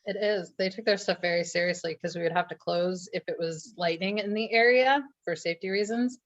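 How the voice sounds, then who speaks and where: A woman's voice: fairly low pitch, brisk. A woman hosting an online cooking social, friendly and filling in viewers who just joined. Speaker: host. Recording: dull lo-fi call audio.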